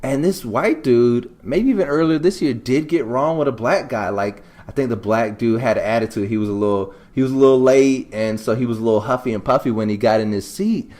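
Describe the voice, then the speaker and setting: A man co-hosting a podcast, talking casually about the news in a relaxed way, with lots of "you know" asides. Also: mid-range voice, brisk, few pauses. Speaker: podcast co-host.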